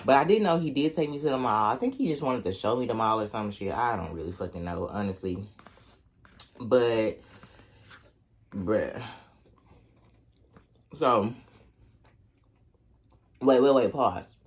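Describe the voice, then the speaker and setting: Profane, animated young man telling a story. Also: on the low side, measured pace, long pauses. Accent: Oklahoma. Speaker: vlogger. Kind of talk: storytime mukbang.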